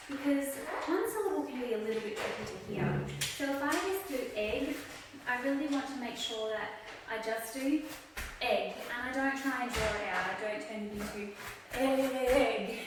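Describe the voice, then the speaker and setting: A young adult woman, a literacy educator patiently explaining a classroom activity step by step with examples. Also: fairly high pitch. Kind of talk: instructional video demonstration. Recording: echoey room, voice from a distance, faint noise.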